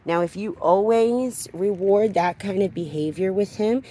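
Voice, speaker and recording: A woman dog trainer giving a hands-on demonstration, explaining calmly between short firm commands to the dog. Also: mid-range voice, a little slow, a little hiss or hum.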